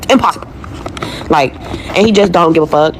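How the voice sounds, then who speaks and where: With a fairly low voice and a fairly quick pace, a young woman in a viral clip rants profanely to her followers against a noisy background. She sounds exasperated and repeats herself while talking about her struggles.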